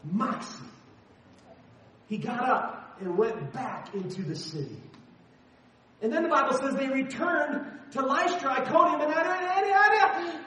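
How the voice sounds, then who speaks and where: Animated male preacher in an echoey church. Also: very high-pitched, unhurried, pauses often. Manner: animated, emphatic preaching with sudden shouts. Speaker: pastor. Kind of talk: sermon. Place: church sanctuary. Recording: roomy echo, voice heard from a distance.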